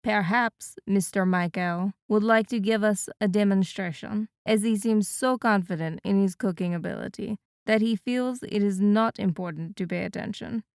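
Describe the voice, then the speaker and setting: A stern male sous chef with a French accent, deep and formal, clipping each challenge with cold precision, as a woman reads him. The voice is clear and smooth, recorded close and dry. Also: normal speed, few pauses, no room sound, close to an everyday voice. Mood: stern, challenging. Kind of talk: audiobook character voice.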